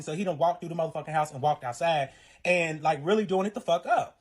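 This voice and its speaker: A man with a fairly high speaking voice recounts a personal story in a loose, casual way. He swears freely and leans on fillers as he rambles. He acts out other people's lines as he goes. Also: quick pace. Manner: profane, rambling retelling full of fillers and acted-out quotes.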